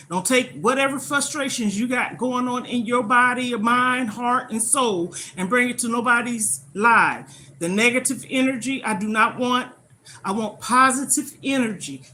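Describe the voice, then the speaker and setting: An older woman talks on a casual live stream as she cooks in her home kitchen, her voice bright and forceful. She moves between firmly telling off rude viewers and warmly recalling her grandmother. A faint sizzle sits behind her phone mic. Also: a little high, slight background noise, rough recording. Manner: scolding rude viewers, then fond reminiscing. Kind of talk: casual live-stream chat while cooking.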